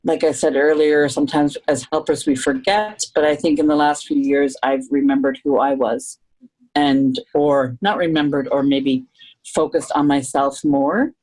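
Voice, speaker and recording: A woman's voice: low voice, fairly even intonation, moderate pace, darkish tone, low-quality recording. A middle-aged Canadian woman, a guest on a podcast, speaking openly and reflectively and often restarting her thoughts. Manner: earnest and open, thinking aloud with restarts.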